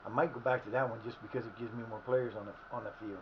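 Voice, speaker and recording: A hoarse man streaming live at home who is losing his voice, rambling and swearing at his team as he plays a soccer management game. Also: medium pitch, steady tone, fast talker, dull audio, slight background noise. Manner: rambling, cursing at the players. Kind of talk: live gameplay commentary. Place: his house.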